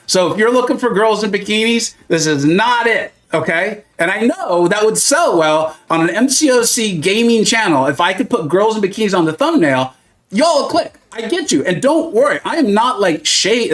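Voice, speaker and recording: A man's voice: high-pitched, big pitch swings, moderate pace. A man streaming a mobile game live, joking and self-mocking while he chats with his viewers. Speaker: gaming streamer. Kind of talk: casual live-stream commentary.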